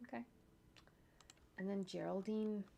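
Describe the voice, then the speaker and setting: At a measured pace, a woman animator narrates her on-screen work in a medium-pitched voice that is creaky and mellow, with fairly even intonation. She thinks aloud, adds jokey asides, and hums to herself, over a little hiss or hum and faint typing and clicks.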